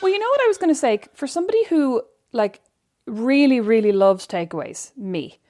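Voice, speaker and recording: A woman's voice: a little high, sing-song, brisk, mellow, soft background music. Irish female co-host, wry self-deprecating anecdotes, casual. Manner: wry self-mocking storytelling. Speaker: podcast co-host. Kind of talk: casual chat.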